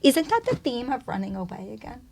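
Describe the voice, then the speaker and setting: A woman talking as a podcast guest, telling her story in an animated, expressive way and swearing casually. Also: fairly high pitch, brisk, gravelly. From United States.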